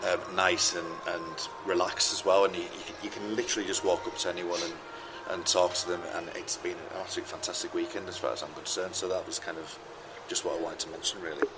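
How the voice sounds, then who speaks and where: A man as a roundtable guest, speaking in a measured, thoughtful way and often restarting phrases. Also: low voice, little pitch movement, very noisy. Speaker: podcast guest. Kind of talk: casual roundtable chat.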